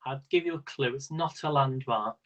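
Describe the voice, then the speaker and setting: A man's voice: medium pitch, moderate pace, fairly bright tone, poor audio. A man hosting a live-stream quiz in a casual, rambling way, laughing often as he talks. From Britain. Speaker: quiz host.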